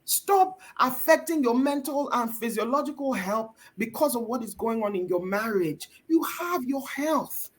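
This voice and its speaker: A woman's voice: fairly high pitch, expressive, measured pace, few pauses. A woman with a Nigerian accent giving a faith-based marriage teaching as guest mentor, with an emphatic, preacher-like delivery.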